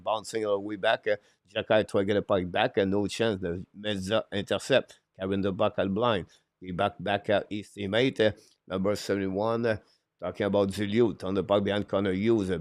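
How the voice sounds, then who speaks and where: A man with a fairly low voice calls a hockey game play-by-play for a live stream. He stumbles along with many "uh" fillers, broken phrasing and quick apologetic corrections. The sound is dry and close, with no room in it. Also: no room sound. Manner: halting, frequent "uh" fillers, broken English phrasing. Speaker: play-by-play commentator and show host.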